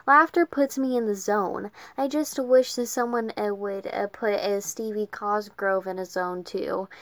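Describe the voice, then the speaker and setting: A woman reading a novel aloud, halting constantly with uhs, false starts and self-corrections. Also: medium pitch, steady tone. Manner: halting, filled with uhs and restarts. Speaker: reader.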